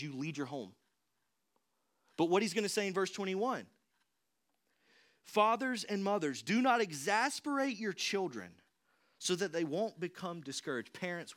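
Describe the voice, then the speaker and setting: A man's voice: a little high, a bit bright. A young adult man preaching a sermon in a conversational, emphatic and direct way, as the church's pastor.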